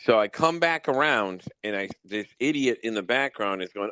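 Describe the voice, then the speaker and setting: A man's voice: on the low side, normal speed, hardly any pauses, pushed and bright, no echo, low-quality recording. A young adult man hosting a casual podcast chat, telling profane stories and getting worked up as he talks. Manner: profane, storytelling, gets worked up. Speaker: podcast host.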